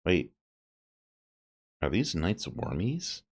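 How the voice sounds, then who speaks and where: Low-voiced man chatting through a game. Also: expressive, unhurried. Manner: chatty, amused, thinks aloud. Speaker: streamer. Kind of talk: game commentary.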